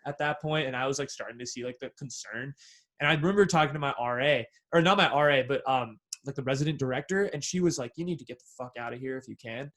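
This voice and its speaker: A man's voice: medium pitch, quick pace. A young man from the Bay Area, hosting a podcast and telling a story in a casual, slangy way, swearing freely and acting out what people said. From San Francisco Bay Area. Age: young adult. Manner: animated, slangy, swears freely, acts out quoted dialogue. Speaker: podcast host.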